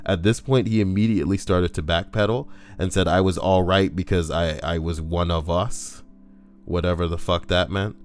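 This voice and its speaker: With quiet music in the background, a man reads Reddit posts for his YouTube audience and interrupts with crude jokes. His low voice stays fairly even in intonation and moves at a normal speed.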